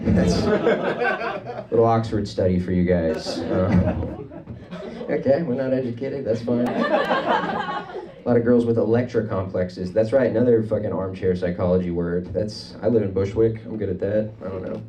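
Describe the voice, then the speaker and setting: A man doing a rambling, deadpan, self-deprecating stand-up set on a comedy club stage. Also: lowish voice, moderate pace, muffled recording. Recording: club audio, mic at a distance, crowd audible.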